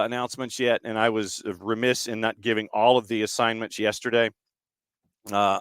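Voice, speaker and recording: A man's voice: medium pitch, a bit bright, clear, resonant tone, dry recording, studio quality. A man hosting a sports talk show, going through match stats and broadcast news in a loose, rambling way, full of "uh" and repeated phrases. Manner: rambling with many fillers, repeats phrases for emphasis. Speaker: podcast host.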